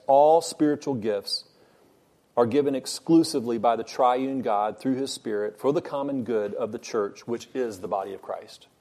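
A man teaching a Bible study lesson, earnest and measured, stressing points by repeating phrases. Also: mid-range voice, dark tone.

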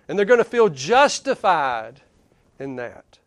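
A man preaching a conversational sermon, chuckling and rising for emphasis before dropping low. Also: expressive, normal speed, no echo.

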